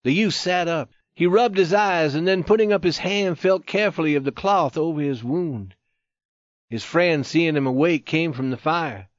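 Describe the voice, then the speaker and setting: A man narrating a story in a steady, measured reading. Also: a little high, dry recording, highs cut off. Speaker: audiobook narrator. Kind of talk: scripted narration.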